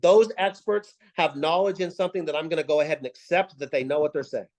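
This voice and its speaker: This team leader's voice is a little high and a little mellow, with fairly even intonation and a quick pace, heard over a rough recording. On a team video call he gives a sales pep talk full of punchy, emphatic rhetorical questions, repeating himself for effect.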